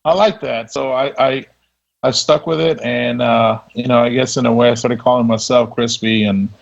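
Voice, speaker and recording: Man, podcast guest, casual storytelling, gravelly, lo-fi sound. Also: medium pitch, steady tone, moderate pace. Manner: laid-back, laughs as he tells stories. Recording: dull lo-fi audio.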